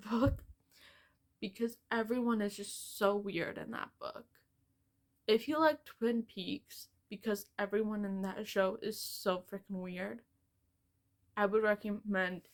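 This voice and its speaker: A young American woman rambling casually and self-mockingly through a book haul, filling her talk with "like". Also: medium pitch. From United States. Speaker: book vlogger.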